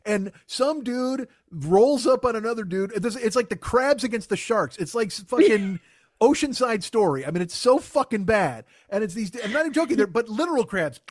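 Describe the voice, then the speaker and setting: A man's voice: very high voice, dry recording, studio quality. A man hosting a podcast, telling a rambling, exasperated story in a casual comedic rant full of swearing. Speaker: podcast host.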